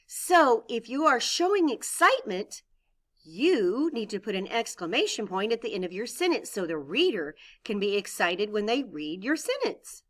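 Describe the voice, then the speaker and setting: A woman teacher records a lesson for young children. Her voice sits a little high and swings widely in pitch. She talks clearly and encouragingly, with expressive reading.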